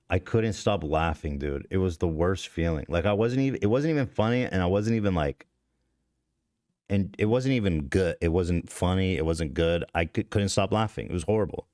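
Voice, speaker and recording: A man's voice: low voice, lively intonation, normal speed, darkish tone, no echo, studio quality. A man hosting a podcast, telling a story in a rambling, profane, self-deprecating way with many restarts. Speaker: podcast host. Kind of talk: casual confessional podcast talk. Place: podcast studio.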